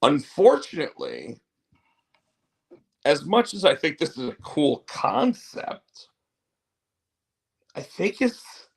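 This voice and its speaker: A man's voice: fairly high pitch, gravelly. A man hosting a show, chatting casually in a rambling, opinionated way. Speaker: show host. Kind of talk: casual wrestling chat.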